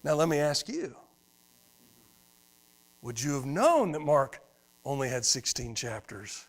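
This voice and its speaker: A man preaching a sermon as pastor, swinging from loud emphatic lines to hushed quiet ones. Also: medium pitch, very animated, slow pace.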